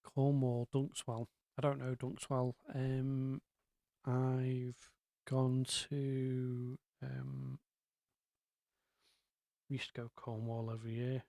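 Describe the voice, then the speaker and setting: A man's voice: medium pitch, flat delivery, takes it slowly, long pauses, dark tone, no echo. Chatty man hosting a live stream. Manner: rambling, chatty, lots of ums and asides. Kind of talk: casual live-stream chat.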